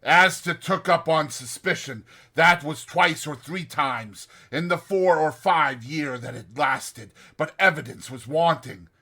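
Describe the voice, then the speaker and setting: Guy reading as a rough old convict, bright voice, rough broken old-timey talk, audiobook. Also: a little high, unhurried, few pauses. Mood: grim. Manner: rough, ungrammatical old-fashioned speech. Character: rough old male convict telling his past.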